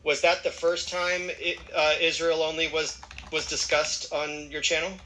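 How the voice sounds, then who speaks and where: Male podcast co-host with a sharp, bright voice, hesitant questioner. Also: fairly high pitch, level tone, normal speed, slight background noise, low-quality recording. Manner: hesitant, restarts sentences while asking. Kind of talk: casual podcast conversation.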